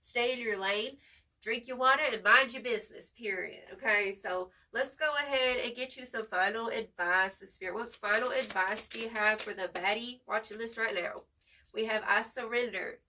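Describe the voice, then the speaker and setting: A woman giving a casual tarot reading to camera, expressive and slangy, swearing freely as she hypes up the viewer. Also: a little high, normal speed, far from the mic. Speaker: tarot reader.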